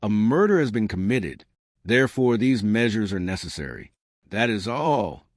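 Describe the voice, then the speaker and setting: A man voicing a cold, haughty old princess with a deep voice in an audiobook. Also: sing-song, moderate pace, no echo, clean studio sound. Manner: haughty, curt.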